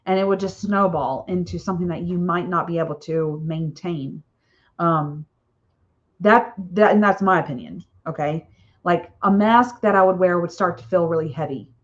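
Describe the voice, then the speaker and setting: A woman with a fairly low voice chats casually on a live stream, rambling from one thought to the next and tagging lines with "okay?" Her audio comes through dull and muffled. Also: moderate pace. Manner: chatty and rambling, frequent "okay?" tags and laughs. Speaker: author hosting a book launch live stream.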